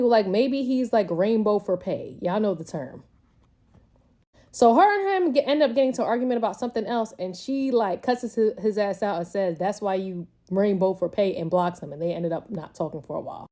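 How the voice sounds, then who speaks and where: A woman's voice: medium pitch, warm tone. A pregnant young woman telling a personal story in casual story-time style, chatty and full of filler words. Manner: chatty, conversational, lots of "like" fillers.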